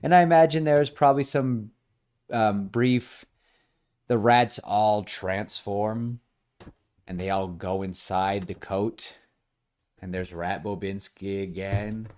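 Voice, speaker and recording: Casual male co-host, animated, acts out bits and says "like" a lot. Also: fairly low pitch. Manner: animated, acts out scenes with quick voices; frequent fillers like "like". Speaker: podcast co-host. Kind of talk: casual pitch-meeting chat.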